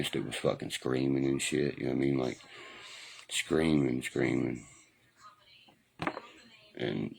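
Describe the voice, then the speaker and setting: A man's voice: very deep voice, creaky, husky, poor audio. A middle-aged man talking on a home livestream into a phone, rambling and profane, forever asking whether you know what he means. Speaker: livestream host.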